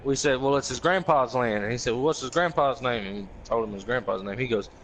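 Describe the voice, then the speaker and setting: A man's voice: mid-range voice, fast talker, a little hiss or hum, rough recording. A man telling a rowdy story to friends, swearing freely and acting out the quotes. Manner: animated, profane, acts out quotes in raised voices.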